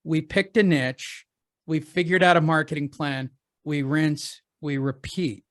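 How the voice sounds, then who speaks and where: A talkative man with a somewhat higher-than-usual voice for a man. He chats casually on a call, spinning anecdotes and tossing in joking asides. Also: a little slow, a bit bright. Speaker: real estate coach.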